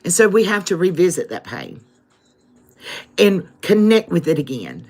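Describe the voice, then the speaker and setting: A woman's voice: on the low side, huge pitch swings, normal speed, darkish tone, breathy edge, soft background music. A woman giving a live-stream tarot reading, addressing her viewers as "collective" and checking in with "okay?" often. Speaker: tarot reader.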